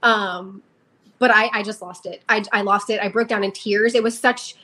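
A young woman speaks as a guest on a casual podcast and tells her story with real emotion. Her voice has a middle pitch and an easy, conversational delivery. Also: steady tone, moderate pace, bright, forceful tone, breathy edge. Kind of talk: casual interview.

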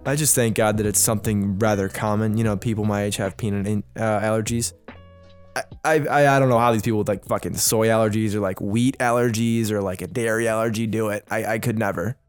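A man's voice: lowish voice, fairly even intonation, brisk, clear, resonant tone, faint music behind. Young man, exasperated casual storyteller. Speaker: podcast co-host. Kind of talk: casual chat.

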